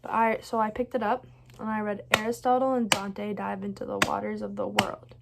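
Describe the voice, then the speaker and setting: A woman's voice: mid-range voice, flat delivery, brisk, vocal fry, heavy background noise. A woman chatting casually about books she loved, gushing and rambling with lots of "like" and frequent restarts. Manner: gushing and bubbly, many "like"s and "so good"s; rambling, restarts her sentences. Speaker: book vlogger. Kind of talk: casual reading wrap-up chat.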